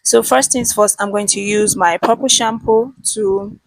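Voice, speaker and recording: A woman's voice: medium pitch, fairly even intonation, a little slow, dry recording. Chatty woman narrating a hair tutorial. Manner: chatty step-by-step instructions. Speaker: vlogger. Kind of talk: casual tutorial voice-over.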